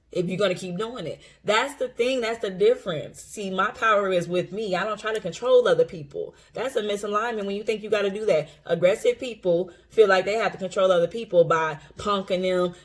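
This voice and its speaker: An intuitive coach talking casually to camera, blunt and profane, repeating phrases for emphasis and laughing often. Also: medium pitch. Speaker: intuitive coach and tarot reader. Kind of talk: casual unscripted monologue to camera.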